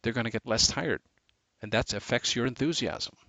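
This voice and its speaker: A man giving a motivational sales training talk, animated, shifting his inflection and speed for emphasis. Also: mid-range voice, moderate pace, dry recording. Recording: dull lo-fi dry recording.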